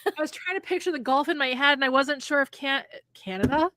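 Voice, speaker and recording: This Minnesota woman co-hosts a podcast, chatting casually and a bit fast in a high voice as she tells lively stories and performs the quoted lines. There's slight background noise.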